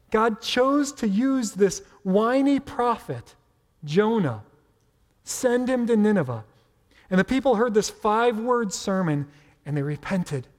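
Male pastor, high-pitched, playful conversational sermon in a reverberant hall. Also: expressive, a little slow, a little mellow. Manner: conversational, playful preaching with asides.

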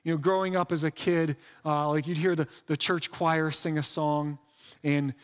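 A man delivers a sermon in a relaxed, talky manner, often restarting a phrase or adding a quick aside. His voice sits high for a man. A long reverb trails his words, as in a big hall. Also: smooth. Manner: conversational preaching with restarts and asides. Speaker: pastor.

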